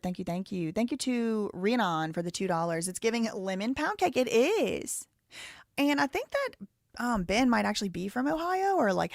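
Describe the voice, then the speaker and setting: A woman's voice: mid-range voice, creaky, no room sound. Southern American woman, live-stream host, casual chatter, dry close sound. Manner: chatty, thinks aloud, reads viewer messages. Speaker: live show host reading donations.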